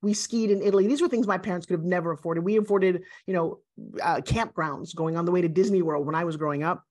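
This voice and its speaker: A woman in her sixties, a guest, talking in an emphatic, animated and self-assured way in a motivational interview. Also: fairly low pitch, fast. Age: 60s.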